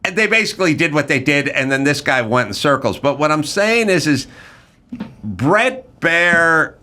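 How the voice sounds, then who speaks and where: A man's voice: fairly high pitch, very animated, bright, forceful tone. A man hosting a podcast, riffing bluntly and profanely in a casual comedic rant. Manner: blunt, profane, riffing with quick mock impressions. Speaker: podcast host.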